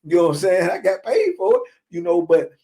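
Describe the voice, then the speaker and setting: A man in his fifties, a guest on an interview, talking casually and with animation, often asking "you know what I'm saying" and sometimes dropping to a low murmur. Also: huge pitch swings, fairly quick, warm tone. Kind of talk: casual boxing talk.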